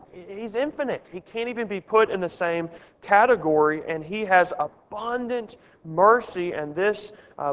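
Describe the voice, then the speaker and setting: A man's voice: high voice, a bit bright, smooth, in a large hall. A man leading a Bible study, earnest and asking his group questions.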